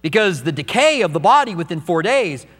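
A man's voice: sits high, very animated, fairly quick, a bit bright, big-room sound. A middle-aged man preaching a sermon as pastor, emotional and rising to urgent emphasis.

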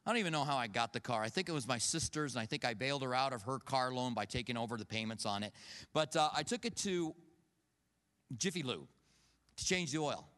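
A man's voice: mid-range voice, brisk. A man preaching a conversational sermon, telling personal stories and acting out what people said. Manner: storytelling, acts out quoted voices, animated. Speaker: pastor. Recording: long reverb of a large hall.

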